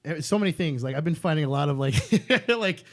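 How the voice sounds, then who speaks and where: A man's voice: fairly high pitch, lively intonation, brisk. A man in casual podcast chat, a stand-up comic telling stories with lots of swearing and laughter.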